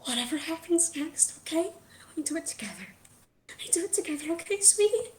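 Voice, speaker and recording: A woman's voice: very high-pitched, animated, brisk, echoey room, a little hiss or hum, pitched above the performer's own voice. A woman voicing a frightened, loving mother who pleads through tears in a tabletop game. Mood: tender. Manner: tearful, pleading, tender.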